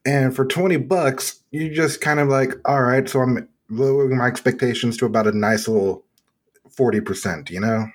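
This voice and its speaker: A man from Texas hosting a casual gaming podcast, laughing often and making animated asides. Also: medium pitch, moderate pace, breathy edge. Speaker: podcast host.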